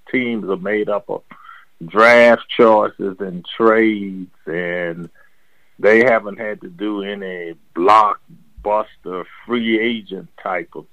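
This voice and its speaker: An older man and former basketball player, answering interview questions slowly, with many pauses and fillers, on a dull lo-fi recording. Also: lowish voice, no echo. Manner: slow, halting, with many fillers. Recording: dull lo-fi sound.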